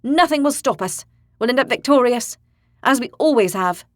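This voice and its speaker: A woman narrator voicing a determined young woman warrior in an audiobook, speaking with forceful confidence. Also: fairly high pitch, animated, normal speed, dry recording, clean studio sound, voice pushed up, lightly acted. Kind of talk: audiobook character voice.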